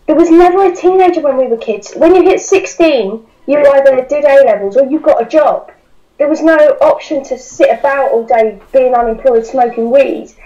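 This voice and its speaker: A young woman with a British accent talks in a blunt, emphatic way. Her voice sits a little high with a mellow tone. The audio is dull and lo-fi. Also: moderate pace. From United Kingdom. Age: young adult. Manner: blunt and emphatic, swears casually. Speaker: guest commentator. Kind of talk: casual political chat.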